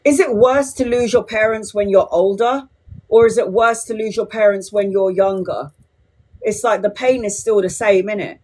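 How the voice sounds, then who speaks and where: A woman's voice: mid-range voice, moderate pace, a little mellow. A woman, chatting bluntly and swearing freely with viewers as a tarot reader on a livestream. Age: 40s. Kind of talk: casual livestream chat to viewers.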